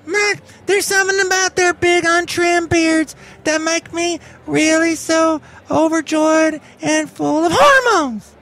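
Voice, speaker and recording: A man voicing a flirty, cranky rodeo queen woman with a high, twangy drawl. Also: slow pace, few pauses, sharp tone, a faint crowd, exaggerated voice.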